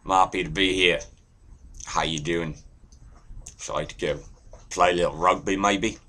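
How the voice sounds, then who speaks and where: Guy doing a cheery aussie bloke, fake accent, kinda rough. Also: sits low, steady tone, moderate pace, pushed and bright. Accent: mock Australian.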